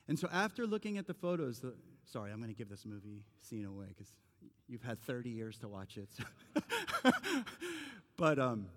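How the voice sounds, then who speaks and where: A man's voice: mid-range voice, huge pitch swings, normal speed, a bit bright. Earnest male pastor preaching in a hall. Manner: earnest, conversational preaching with rising emphasis. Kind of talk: sermon. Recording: long reverb of a large hall.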